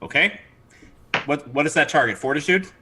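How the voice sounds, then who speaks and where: Man game master, bright tone, slightly high, animated, quick self-corrections. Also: slightly rough. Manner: animated, laughing, stops to correct himself. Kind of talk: narrating a tabletop game livestream.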